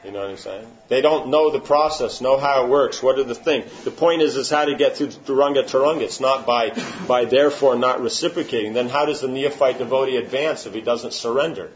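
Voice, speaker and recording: A spiritual teacher gives an informal religious talk in a man's medium-pitched voice, speaking a little fast with hardly any pauses. He answers questions emphatically and keeps asking "you know what I'm saying?" to check that listeners follow. The lo-fi recording is muffled, with slight background noise.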